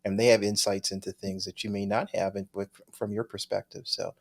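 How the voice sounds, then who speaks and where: Speaking a little fast with a flat delivery and lowish voice, a man co-hosts a podcast and reads out listener mail. It's casual chat, and he frequently laughs and trails off partway through sentences.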